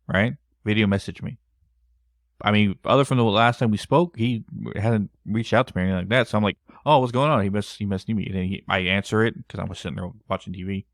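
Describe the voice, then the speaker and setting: Podcast guy, kinda low voice, telling a story all animated, dry close mic. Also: no echo. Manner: animated retelling with quoted dialogue. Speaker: podcast co-host. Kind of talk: casual storytelling.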